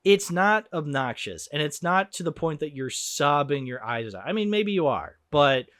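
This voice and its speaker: A young man hosting a casual movie podcast, animated and swearing a bit, acting out lines as he goes. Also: fairly high pitch, normal speed, dry recording, studio quality. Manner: animated, swearing, acts out quotes. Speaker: podcast host. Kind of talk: casual movie review chat.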